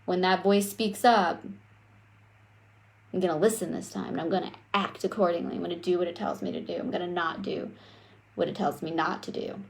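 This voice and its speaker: A young adult woman giving a live coaching talk on self-worth, speaking straight to her viewers in a lively, conversational way. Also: on the low side, a little fast, creaky, slight background noise. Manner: animated, conversational, addresses viewers directly.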